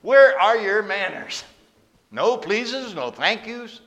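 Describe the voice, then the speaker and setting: A man preaching, voicing a blunt, sharp-tongued woman at a well who scolds a stranger. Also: a little high, very animated, quick pace, in a large hall, pitched above the performer's own voice. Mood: indignant. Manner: indignant, scolding.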